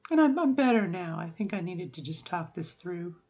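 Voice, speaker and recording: A woman's voice: fairly low pitch, sing-song, moderate pace. Frank middle-aged woman, dull lo-fi sound. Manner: rambling, emotional and frank, with swearing. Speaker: vlogger. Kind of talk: candid personal video diary.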